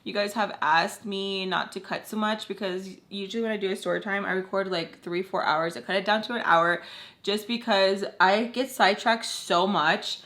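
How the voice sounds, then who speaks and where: Bubbly bright-voiced young woman vlogger. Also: mid-range voice, steady tone, normal speed. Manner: gushing and bubbly, says "like" and "so freaking cute" a lot. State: tearful, crying with happiness. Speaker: storytime vlogger. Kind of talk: casual chat to camera.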